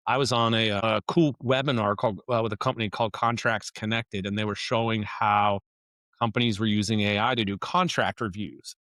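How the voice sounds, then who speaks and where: A man's voice: fairly low pitch, fairly even intonation, a little fast, a bit bright, no room sound. A man talking as a guest on a business podcast, explaining in a casual, conversational way with frequent restarts. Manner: conversational, restarts and "you know" often. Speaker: construction operations consultant, podcast guest. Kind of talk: casual interview talk.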